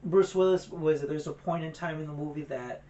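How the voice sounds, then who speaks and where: A man's voice: on the high side, fairly even intonation, fairly quick, warm tone, dull audio, slight background noise. Chatty young man retelling movie scenes. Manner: retells scenes, acting out lines with fillers. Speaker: movie review co-host. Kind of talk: casual movie chat.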